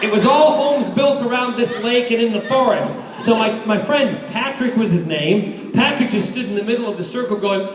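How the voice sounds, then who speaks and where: High-voiced animated man, theatrical storyteller, roomy hall, loud crowd. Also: fairly quick, few pauses, noisy background. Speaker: convention panel guest. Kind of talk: live storytelling on stage. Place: large convention hall. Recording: echoey hall, far mic, loud crowd.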